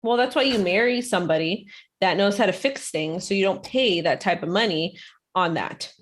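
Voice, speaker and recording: A woman in casual conversation, relating a story about her home with lively energy. She jumps into the voices of the people in it. Her voice sits in an ordinary middle pitch. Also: moderate pace. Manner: animated storytelling with acted quotes. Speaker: podcast co-host. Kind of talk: casual chat.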